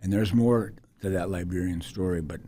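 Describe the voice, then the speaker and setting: A man in his sixties, a podcast guest telling a personal story in a halting, reflective way with many restarts. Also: deep voice, warm tone. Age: 60s.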